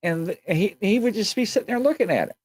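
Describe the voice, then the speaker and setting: A man hosts a casual live show and spins eerie stories. His pitch swings widely as he acts out the voices of the people in his tales. The sound is close and dry. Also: fast, no echo. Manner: animated storyteller, acts out quoted voices, many fillers. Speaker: show host. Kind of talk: casual live-stream storytelling.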